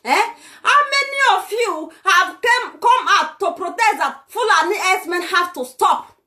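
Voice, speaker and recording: Woman playing a haughty Nigerian ranter for a comedy skit, high and bright, mocking and contemptuous. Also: animated, unhurried, full character voice. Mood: ranting. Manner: mocking, scornful ranting with laughs. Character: arrogant self-styled "lady of truth" woman, contemptuous. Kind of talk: comic impression skit.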